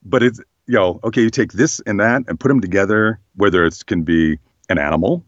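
Casual guest: hoarse, very deep-voiced man, reflective, on a muffled lo-fi track. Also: fairly quick, no room sound. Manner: relaxed, thoughtful, many fillers. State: slightly hoarse. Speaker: voice actor guest. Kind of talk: casual interview chat.

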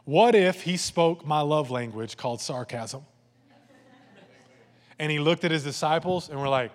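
Speaking a little slowly, a pastor preaches in a lively, conversational style, slipping into playful voices and asides. His voice sits a touch high and trails off into a long reverb tail, like in a big hall.

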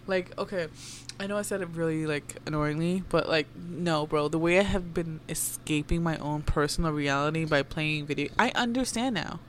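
A woman's voice: deep voice, moderate pace, a little hiss or hum. A young woman hosting a podcast, ranting candidly and rambling, swearing freely and dropping Spanish phrases. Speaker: podcast host. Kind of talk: casual personal rant.

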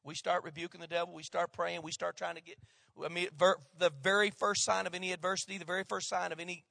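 A male pastor preaching a sermon, swinging between loud emphatic lines and hushed asides. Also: a little high, creaky, dry recording.

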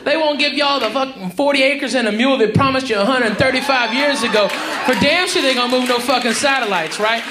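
A male stand-up comedian performing a brash, profane, mocking set on a comedy club stage, shouting his punchlines. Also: extremely high pitch, brisk, few pauses. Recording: live club recording, roomy, crowd noise. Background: audience laughter.

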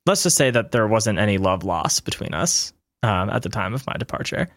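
A man's voice: on the low side, sing-song, brisk, fairly bright tone, no echo. A man voicing a female mining company administrator who deflects questions with false politeness. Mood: evasive. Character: smooth evasive woman mining administrator.

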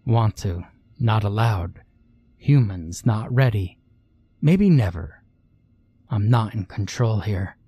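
Man voicing a sorrowful moth-like alien, broken clipped phrases, very slow, husky. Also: on the low side, expressive, warm tone, no room sound, exaggerated voice. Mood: grieving.

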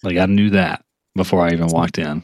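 A man's voice: sits low, steady tone, fairly quick, no echo, studio quality. A man guesting on a casual chat show, joking and playfully boastful. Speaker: podcast guest.

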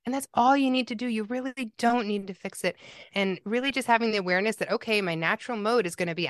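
A woman grief counselor talking as a podcast guest, animated and acting out what people say. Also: mid-range voice, fast talker, no echo, studio quality. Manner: warm, animated, acts out quoted speech. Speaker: pet loss grief counselor.

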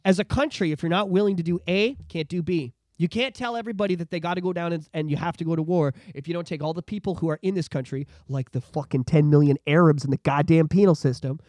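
A man from Canada co-hosting a podcast, ranting profanely about politics, swinging from loud outbursts to low mutters. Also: no room sound, clean studio sound. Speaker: podcast co-host. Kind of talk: casual political rant.

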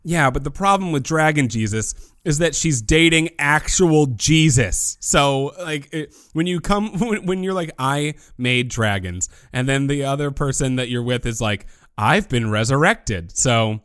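A man's voice: fairly high pitch, expressive, moderate pace, few pauses, fairly bright tone, clean tone, no echo, clean studio sound. A man co-hosting a casual podcast, joking and acting out characters' lines. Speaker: podcast co-host.

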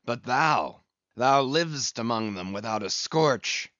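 A man's voice: medium pitch, animated, takes it slowly, a bit bright, no room sound, dull audio. A man reading an audiobook, voicing an obsessed, brooding old sea captain who speaks in passionate, commanding old-fashioned speech. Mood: intense.

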